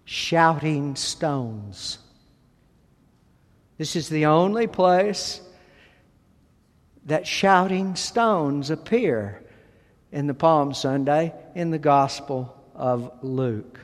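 Slow, emphatic male preacher in a hall. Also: a little high, lively intonation. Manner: deliberate, emphatic preaching with pauses. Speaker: pastor. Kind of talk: sermon.

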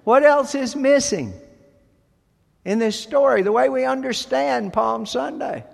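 A man preaching a sermon as pastor, speaking deliberately and with emphasis, pausing between phrases. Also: extremely high pitch, gravelly, in a large hall.

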